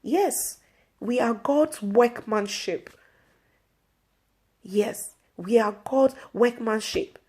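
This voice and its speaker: A woman's voice: a little high, very slow, long pauses, mellow, breathy edge. A woman vlog host giving an earnest inspirational faith talk to camera, repeating her pleas.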